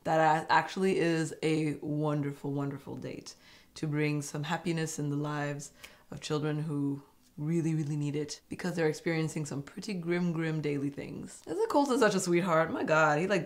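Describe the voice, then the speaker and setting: Chatty woman recapping a reality show. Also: low-pitched. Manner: chatty, animated, sarcastic asides. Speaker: host. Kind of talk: casual TV recap chat.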